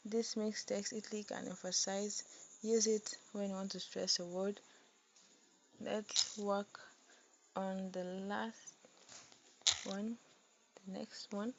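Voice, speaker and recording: A woman teaching a coding tutorial, dictating slowly as she types and repeating phrases. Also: medium pitch, muffled recording, noisy background. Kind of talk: screen-recorded coding tutorial.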